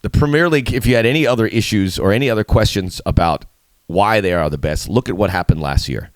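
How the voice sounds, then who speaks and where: A middle-aged man hosting a soccer preview show, talking in an animated, playful way with sudden emphatic jumps. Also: on the low side, fast talker, dry recording. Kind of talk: solo video commentary.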